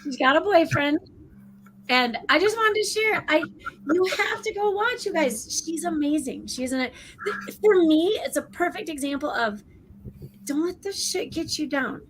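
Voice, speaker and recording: A woman co-hosting a casual online debrief, talking in a rambling, excitable way with many restarts. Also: very high-pitched, normal speed, slight background noise, low-quality recording. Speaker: co-host. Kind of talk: casual chat.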